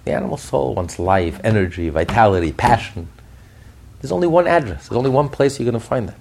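Gravelly, animated man teaching Torah. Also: mid-range voice, fairly quick, a little hiss or hum. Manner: animated storyteller with repeated restarts and chuckles. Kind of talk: podcast Torah class.

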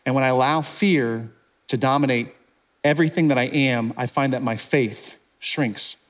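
A man preaching a sermon in a casual, conversational way, acting out what the people in the story are thinking and dropping to a quiet, intense voice for serious points. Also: mid-range voice, moderate pace. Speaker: pastor.

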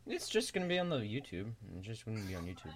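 A man's voice: lowish voice, huge pitch swings, fast. A man joking and teasing friends on an online group call, talking into a desk microphone. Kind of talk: casual group chat.

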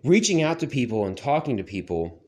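A man's voice: medium pitch, very animated, fairly quick, darkish tone. A young man telling a personal story in a loose, profane way and laughing at himself. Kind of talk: casual storytelling monologue.

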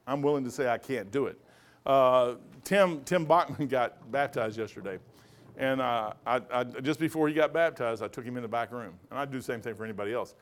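A male pastor teaching a Bible study, preaching emphatically with folksy stories. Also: mid-range voice.

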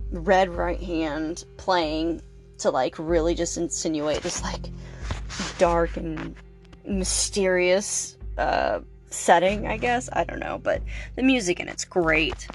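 A young woman hosting a podcast, reviewing a movie in a casual, chatty way with plenty of swearing, fillers and playful asides. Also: mid-range voice. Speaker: podcast host.

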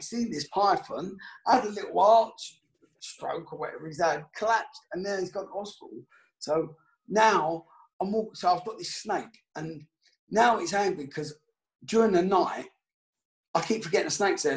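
A man, a former footballer, telling an anecdote casually, animated and swearing freely. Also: high voice, normal speed.

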